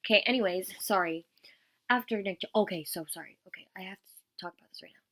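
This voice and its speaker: A teenage girl vlogs about a concert in a gushing, rambling way, full of "like" fillers and sometimes dropping to a whisper. Her voice is medium-pitched, fast, and fairly bright. The recording is dry and the talk is casual vlog chat.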